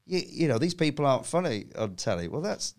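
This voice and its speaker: A man's voice: on the high side, very animated, a little fast, a little mellow. A man, a comedian guest on a podcast, telling anecdotes in casual chat and laughing at his own stories.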